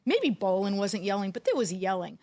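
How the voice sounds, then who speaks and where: Wry, animated woman telling a story. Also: mid-range voice, a little fast. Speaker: podcast co-host, former football executive. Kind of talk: storytelling in casual chat.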